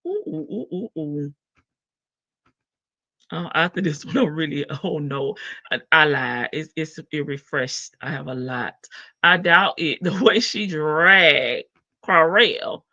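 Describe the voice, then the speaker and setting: A woman's voice: low voice, a little slow, pushed and bright, dry recording. A woman with a Southern US accent hosting a casual livestream, gossiping, laughing and teasing her chat readers. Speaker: livestream host. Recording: dull lo-fi stream audio.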